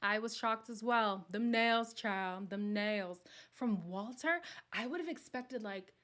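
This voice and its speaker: A woman's voice: mid-range voice, takes it slowly, fairly bright tone. A woman hosting a casual live watch party, chatting freely, reading viewer comments aloud and slipping into whispered asides. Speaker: livestream host reacting to a reality show.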